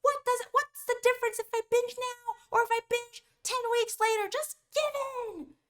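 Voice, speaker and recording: A woman's voice: very high-pitched, steady tone, moderate pace, fairly bright tone, pitched above the performer's own voice. A woman voicing a babyish, manipulative inner craving that whines and pleads like a child throwing a tantrum. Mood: whiny tantrum.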